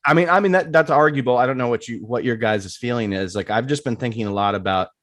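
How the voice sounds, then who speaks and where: A man's voice: medium pitch, quick pace, a bit bright, dry recording, clean studio sound. A man hosting a casual podcast, rambling and swearing freely as he trails through his thoughts. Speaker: host.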